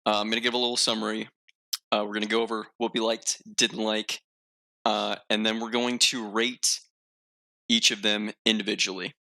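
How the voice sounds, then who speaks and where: Podcast host, male, gravelly, bright tone, rambling, self-mocking. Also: fairly low pitch, level tone, normal speed. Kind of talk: casual podcast chat.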